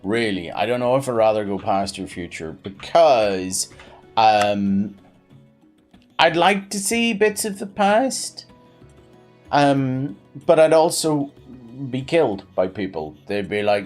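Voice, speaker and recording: A man's voice: very animated, unhurried, faint music behind. A man in his thirties chatting on a live game stream, rambling with many fillers and restarts. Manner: pitch swings widely.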